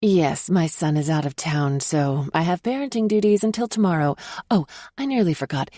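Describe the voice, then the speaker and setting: A woman's voice: low voice, normal speed, warm tone, no echo, clean studio sound. A woman voicing a chatty grandmother in her late forties who jokes about herself. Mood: earnest. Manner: wry, self-mocking.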